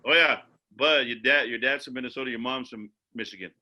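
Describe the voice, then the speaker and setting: A man moderating a video-call webinar in a relaxed, rambling way, full of fillers and repeated words. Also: medium pitch, a little fast. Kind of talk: casual moderating with many fillers.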